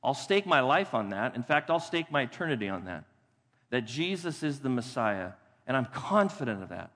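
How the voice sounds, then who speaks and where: A man's voice: medium pitch, big pitch swings, fairly bright tone. Emphatic male pastor in a reverberant hall. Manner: emphatic, repeats key phrases, slows for scripture. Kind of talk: sermon. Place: church sanctuary. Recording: long reverb of a church hall.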